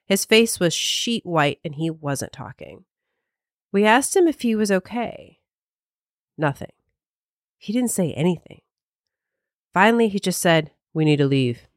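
Women's voice, podcast cohost, gets really animated telling spooky stories, mid pitch, dry mic. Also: female voice, measured pace, pauses often, no room sound. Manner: animated, pitch jumps when telling a story. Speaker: podcast co-host. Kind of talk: casual chat and told ghost story.

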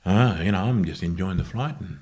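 A man, a guest musician, recalling his past in a casual interview with unhurried, halting, self-correcting speech. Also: deep voice, a little mellow. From Australia.

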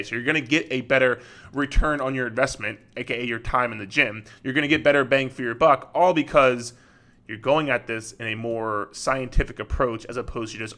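A man's voice: medium pitch, sharp tone. A man who works as a fitness coach, talking straight to the listener in an earnest solo podcast monologue.

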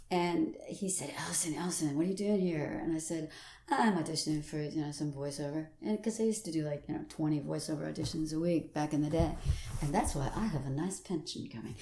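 Lively older actress, roomy sound. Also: female voice, low-pitched. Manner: animated storyteller who acts out quoted voices and laughs often. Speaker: stage actress guest. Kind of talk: casual interview chat. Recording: roomy echo.

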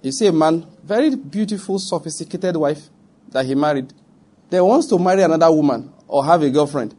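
Nigerian man, middle-aged, preaching, emphatic, husky, mellow tone, repeats himself for stress. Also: a little high, a little fast. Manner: emphatic, repeats points, addresses audience directly. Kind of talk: sermon.

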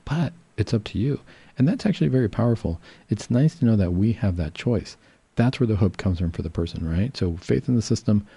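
A man speaking as a psychiatrist in a calm, reassuring, explanatory way. His voice is very dark and gravelly with a husky edge. The sound is dry and close. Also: on the low side, dry recording. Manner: calm, reassuring, explains patiently with fillers and restarts. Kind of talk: casual educational talk.

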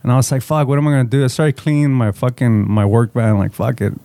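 A man's voice: medium pitch, little pitch movement, fast, mellow, no echo. A man telling a rambling, profanity-heavy story in casual chat, slipping into Spanish slang. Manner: rambling, swears a lot, mixes Spanish slang. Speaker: podcast co-host telling a story.

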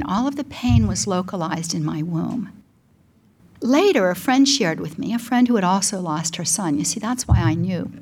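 A woman's voice: mid-range voice, darkish tone, breathy edge. A middle-aged woman, a Christian speaker, telling a personal testimony in an earnest, emotional storytelling manner.

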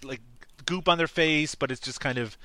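A man's voice: fairly high pitch, normal speed, sharp tone, no room sound. A man co-hosting a casual movie podcast, recapping scenes and laughing often. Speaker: podcast co-host. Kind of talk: casual movie-review chat.

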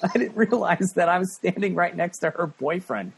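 High-voiced man telling a story. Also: moderate pace, vocal fry, slight background noise. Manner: animated, profane, laughs often, acts out the people in his story. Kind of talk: casual storytelling.

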